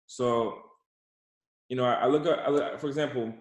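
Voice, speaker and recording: A man's voice: mid-range voice, fairly even intonation, normal speed. A young adult man, an entrepreneur, giving a motivational account in an interview, emphatic and repeating words as he builds a point. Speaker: entrepreneur guest. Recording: roomy echo.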